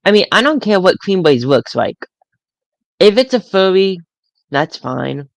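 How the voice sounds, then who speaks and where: Stammering, rambling man with a gravelly voice. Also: sits high, sing-song, measured pace, dry recording. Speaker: toy collector streamer. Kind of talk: casual live-stream chat.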